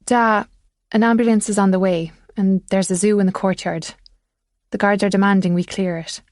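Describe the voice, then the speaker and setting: A woman reading a worried young woman speaking gently to her confused father. Her tone is patient and pleading. The voice sits dry and close to the mic. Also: mid-range voice, steady tone, moderate pace, dry recording, natural voice. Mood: coaxing.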